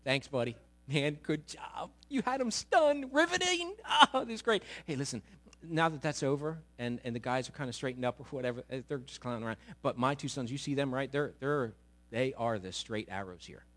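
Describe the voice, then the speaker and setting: A man's voice: mid-range voice, animated, fairly quick, a bit bright, voice pushed down, natural voice. A man putting on a fawning, wheedling mother. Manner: fawning, chatty and casual. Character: pushy wheedling mother asking a favor.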